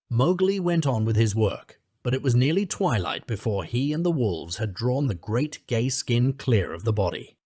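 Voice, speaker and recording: A man narrates a classic adventure tale with a husky, slightly breathy voice and a lively, swooping delivery. His voice sits low, and the recording is dry and close, with no room sound. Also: no echo. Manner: lively, shifts pitch to voice the characters. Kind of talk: audiobook reading with voiced characters.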